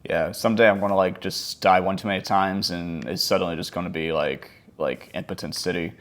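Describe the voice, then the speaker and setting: A man's voice: low-pitched, fairly even intonation, fairly quick, noisy background. A man around thirty chatting casually over his gameplay, rambling and self-mocking, dropping to mumbles and jumping to yelps. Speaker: gaming vlogger.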